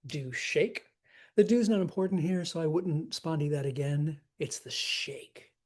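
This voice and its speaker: A man teaching how to scan verse, relaxed and encouraging as he talks through examples. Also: fairly high pitch, unhurried.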